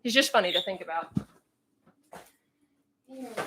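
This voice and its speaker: Noisy background surrounds this mid-range, expressive voice of a Central Virginia woman livestreaming from home at a moderate pace. Chatty and musing, she talks casually with viewers and reads their chat aloud.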